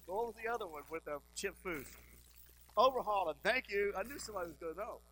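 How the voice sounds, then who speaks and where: A man's voice: high voice, animated, quick pace, bright, forceful tone, a little hiss or hum, poor audio. A man, a pastor, preaching a sermon in a conversational, joking way and asking the congregation questions.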